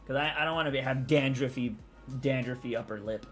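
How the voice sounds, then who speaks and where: A man's voice: medium pitch, brisk, fairly bright tone, soft background music. A man from Texas, rambling casually as he answers chat on his live stream. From Texas, USA.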